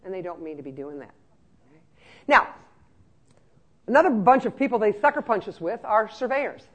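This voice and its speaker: A trainer giving a lively, joking talk to care-home staff, acting out scenes as they speak. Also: mid-range voice, normal speed.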